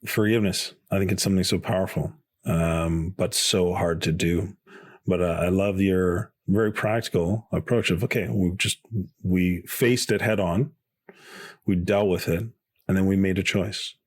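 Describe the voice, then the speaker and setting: A man's voice: deep voice, steady tone, moderate pace, no echo. A man hosting a podcast, thanking his guest and summing up reflectively. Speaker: podcast host. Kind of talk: casual chat.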